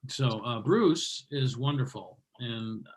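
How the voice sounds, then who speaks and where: A man's voice: medium pitch, slow. Man, comedy show host, casual chatty emcee, video call, faint background noise. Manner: loose and chatty, filler-heavy.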